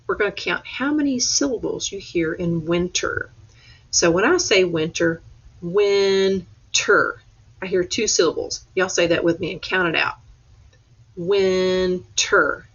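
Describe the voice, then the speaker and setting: A woman's voice: lowish voice, slightly rough. A woman teacher, giving a patient, step-by-step remote class lesson over a webcam. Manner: slow, patient step-by-step instruction. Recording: dull lo-fi webcam audio.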